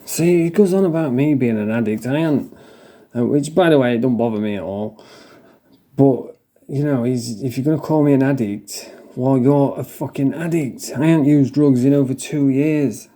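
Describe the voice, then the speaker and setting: An English man tears into the clips he's watching, swearing freely and mocking everyone in them between bursts of laughter. His voice is mellow and dark. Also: medium pitch, moderate pace. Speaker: commentator reacting to clips. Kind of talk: crude casual commentary.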